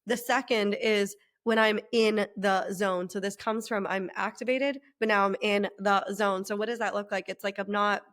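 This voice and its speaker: A woman business coach talking fast and excitedly, laughing and acting out quotes with big jumps in her voice. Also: medium pitch. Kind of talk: casual podcast chat.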